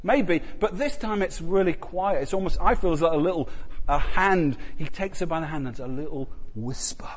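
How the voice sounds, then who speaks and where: A man preaching a sermon in a conversational way, repeating phrases for emphasis and swinging between loud, intense passages and quiet ones. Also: fairly high pitch, moderate pace. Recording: long reverb of a large hall.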